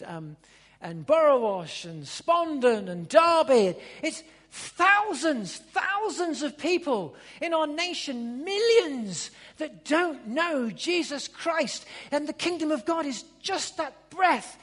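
A preacher delivering a sermon with a lively voice that swings widely up and down in pitch. The tone is slightly husky, and the preacher hammers home repeated phrases. The voice rings with the long reverb of a church hall. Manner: emphatic, repeats phrases, drops to a hush for emphasis.

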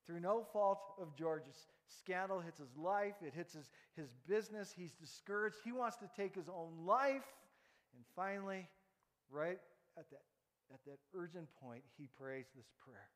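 High-voiced male preacher in a hall. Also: unhurried, fairly bright tone. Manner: storytelling, interactive, repeats words. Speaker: pastor. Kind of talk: sermon.

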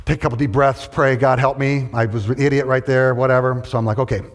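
A man's voice: mid-range voice, fast. A middle-aged man preaching a storytelling sermon, acting out the people in his story as he goes. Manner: animated, acts out every quote. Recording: long reverb of a large hall.

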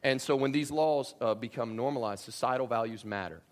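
A man of middle pitch speaks to his congregation from the church floor as their pastor. His talk is loose and conversational, with jokes and dry sarcasm mixed in. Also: a little fast. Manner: casual, joking, sarcastic asides. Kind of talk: live church Q and A and sermon. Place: church sanctuary.

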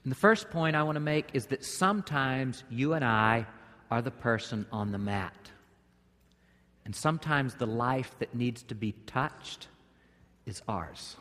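A pastor preaching a sermon, telling the story vividly, jumping to loud bursts and dropping to quiet asides. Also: male voice, mid-range voice, animated, measured pace. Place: church sanctuary during a service. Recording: long reverb of a large hall.

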